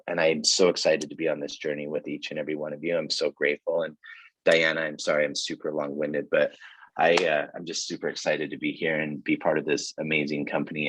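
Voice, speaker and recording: A man with a very low, husky voice tells a motivational story to a team on a video call. He talks with energy but rambles, stacking fillers and restarts, and the sound is close and dry. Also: a bit bright, no room sound, low-quality recording. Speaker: guest speaker, sales executive.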